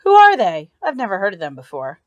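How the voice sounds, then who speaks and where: A woman's voice: mid-range voice, wildly swooping pitch, fairly quick, no echo, highs cut off. An uneasy teenage boy, reluctant and unsure of himself, as a woman reads his lines aloud. The voice rises and falls a lot, and the room is dry.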